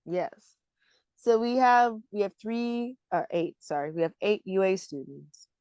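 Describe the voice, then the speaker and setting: A woman co-hosting a podcast, chatting about an anime in an animated, emotional way that often breaks into laughter. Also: mid-range voice, unhurried, smooth, dry recording. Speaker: podcast co-host. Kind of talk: casual anime discussion.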